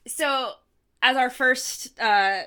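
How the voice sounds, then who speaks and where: A woman's voice: sits high, drawn-out words, smooth. A young woman co-hosting a podcast in casual chat, rambling into tangents and laughing often. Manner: chatty, laughs often, warm teasing tangents. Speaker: podcast co-host.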